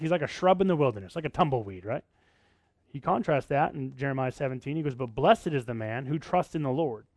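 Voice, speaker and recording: A man preaches with a fairly high-pitched voice, talking to the congregation as if chatting with them and checking in with frequent rhetorical questions. The sound is dry and close, with almost no room around it. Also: no room sound. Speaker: pastor. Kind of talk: sermon.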